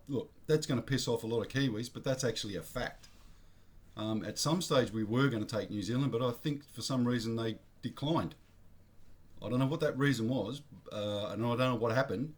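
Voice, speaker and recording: An Australian man vlogging his blunt opinions in a rambling, slangy monologue, often correcting himself mid-sentence. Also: lowish voice.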